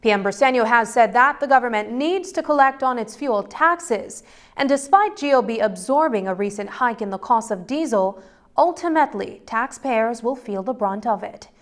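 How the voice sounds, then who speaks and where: A woman reporter giving scripted news narration in a measured, crisp delivery. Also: fairly high pitch, expressive.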